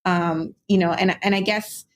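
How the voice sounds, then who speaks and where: A woman's voice: on the low side, steady tone, moderate pace, a little hiss or hum. A woman hosting a casual interview, asking long, searching questions in a friendly, rambling way. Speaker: podcast host.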